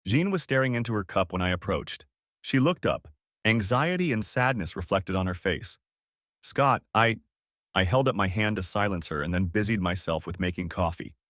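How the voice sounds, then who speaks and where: A man's voice: on the low side, a bit bright, dry recording, studio quality. A man narrating a dramatic first-person audiobook story in a bitter, intense manner.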